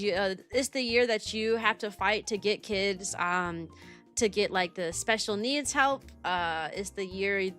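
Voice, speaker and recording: A young woman streaming as a kindergarten teacher, chatting casually and animatedly with many fillers. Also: mid-range voice. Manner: rambling and animated, many fillers, laughs often. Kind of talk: casual livestream chat.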